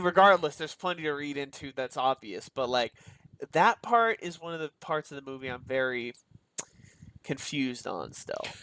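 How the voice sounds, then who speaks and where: A man's voice: a little high, a bit bright, no room sound. Slangy young man on a movie podcast. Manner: loose and slangy, lots of fillers and trailing thoughts. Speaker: movie review podcast co-host. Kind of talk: casual chat.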